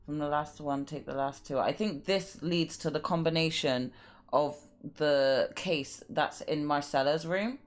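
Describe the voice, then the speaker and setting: A woman with a low, unhurried voice streams a mystery game live, thinking out loud and reading clues and letters aloud as she plays.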